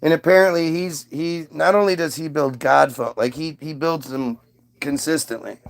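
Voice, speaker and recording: Gravelly man in a crude rant. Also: on the high side, steady tone, moderate pace. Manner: rambling, profane, restarts. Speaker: comedian. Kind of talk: crude comic monologue.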